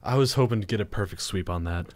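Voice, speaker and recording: A man's voice: lowish voice, fast talker, no echo. A young college-age man co-hosting a casual radio show, teasing his co-host with short quips and frequent laughs. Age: young adult.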